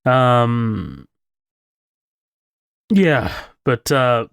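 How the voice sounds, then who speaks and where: Dude on a movie podcast, cussing and laughing, smooth clear voice, dry close sound. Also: male voice, mid-range voice, sing-song, extremely slow, a bit bright, no echo. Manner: swears freely, laughs a lot, rambling. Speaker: podcast co-host. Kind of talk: casual movie discussion.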